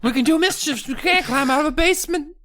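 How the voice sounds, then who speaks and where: A man putting on the voice of a pleading little male lawn gnome in a squeaky, whiny tone. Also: fast talker, fairly bright tone. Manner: whiny, wheedling, high squeak.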